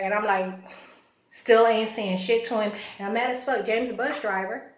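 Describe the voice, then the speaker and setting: A woman's voice: on the high side, fairly even intonation, moderate pace. A woman vlogging a story in a blunt, profane, agitated way. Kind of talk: casual storytelling. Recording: echoey room.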